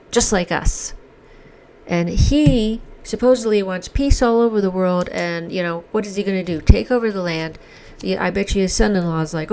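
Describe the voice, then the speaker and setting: A woman speaking in a lowish, gravelly voice, delivering a heated commentary to camera. She talks with indignant emphasis, pressing hard on key words as she airs her views. Her tone stays passionate and emphatic throughout. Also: darkish tone, a little hiss or hum. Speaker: commentary vlogger. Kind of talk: emotional opinion monologue.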